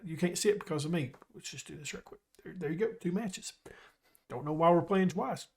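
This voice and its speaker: Chatty excitable man commentating a game. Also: on the high side, fairly quick, vocal fry. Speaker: gaming YouTuber.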